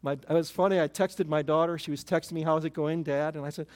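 High-voiced older pastor, chatty sermon. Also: male voice, a little fast, hardly any pauses, a little mellow. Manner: informal, storytelling, self-deprecating humor. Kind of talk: conversational sermon.

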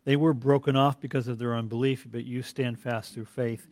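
A man teaching a classroom Bible lecture, reading scripture aloud and quizzing his class in an earnest, deliberate way. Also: mid-range voice, level tone, a little mellow, no room sound.

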